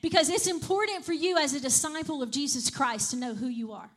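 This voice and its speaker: Speaking in a high voice at a fairly quick pace, a woman delivers a chatty sermon. She keeps turning to the congregation with repeated "right?" and "okay?"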